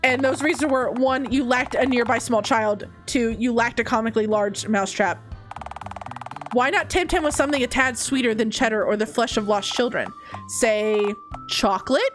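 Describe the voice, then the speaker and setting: A woman doing a deadpan sardonic narrator. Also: a little high, normal speed, soft background music, pitched below the performer's own voice, close to an everyday voice. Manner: deadpan, mocking. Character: dry sardonic game narrator voice.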